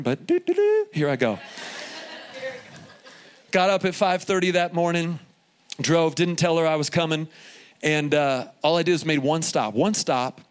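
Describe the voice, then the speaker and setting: A man in his forties preaching a sermon at a live event, telling stories with humor and lively asides. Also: medium pitch. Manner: animated storytelling with asides and humor. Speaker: pastor.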